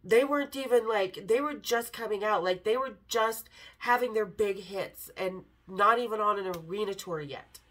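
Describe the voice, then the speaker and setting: A woman hosting a podcast, candidly telling a story with swearing and animated quoted lines. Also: mid-range voice, normal speed, low-quality recording. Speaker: podcast host. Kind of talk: casual storytelling.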